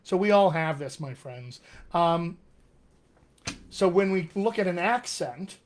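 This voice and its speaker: A man's voice: sits high, lively intonation, slow, slight background noise. A man coaching accents in a live online session, demonstrating sounds and reading viewer comments with eager energy. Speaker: dialect coach.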